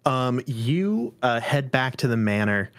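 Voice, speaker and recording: Man running a tabletop game, halting. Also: medium pitch, lively intonation, a bit bright, dry recording, clean studio sound. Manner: halting, full of fillers and restarts, chuckling. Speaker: game master.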